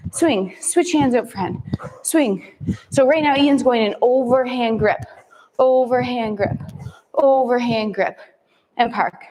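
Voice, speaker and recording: Woman fitness instructor, upbeat, short rhythmic cues, higher voice, echoey hall, faint noise. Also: darkish tone. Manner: upbeat, cueing moves in short counts. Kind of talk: follow-along workout coaching.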